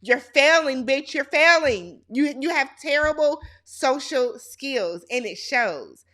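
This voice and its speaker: A woman's voice: high voice, animated, slow pace, pushed and bright. A woman host giving a casual, sassy and blunt recap of a reality TV episode.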